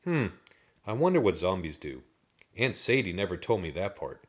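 A scared, drooling little zombie boy pleads in a high, shrill voice that swings all over, as a man reading a storybook puts him on. The voice is raised well above a low speaking voice and sounds fully acted. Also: sing-song, normal speed. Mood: wondering.

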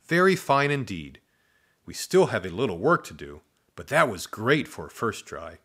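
A man voicing a friendly, cheerful woman teacher in a storybook read-aloud, with a bright sing-song voice. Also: lowish voice, sing-song, normal speed, husky, exaggerated voice. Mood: sweet, cheery.

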